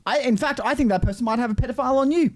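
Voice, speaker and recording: A man's voice: very high-pitched, rapid-fire, no room sound. A man hosting a podcast in casual chat, teasing his co-hosts and swearing freely. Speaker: podcast host.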